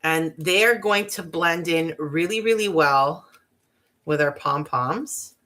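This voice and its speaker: Chatty lady doing a craft tutorial, gets all excited, giggles a lot. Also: low-pitched, slow. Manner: chatty, bubbly, easily excited, giggly asides. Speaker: craft vlogger.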